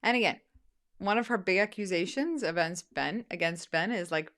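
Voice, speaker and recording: A woman's voice: on the low side, normal speed, fairly bright tone. A woman hosting casual political commentary, sarcastic with mocking asides, reading excerpts aloud. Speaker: host.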